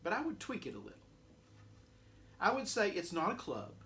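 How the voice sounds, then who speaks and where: A man delivering a sermon with a high, lively voice that leaps and falls through his phrases. He stacks rhetorical questions and lets his endings sink to a hush. Faint background hiss sits under the recording. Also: moderate pace. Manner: rhetorical questions, swelling then dropping to a hush. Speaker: pastor.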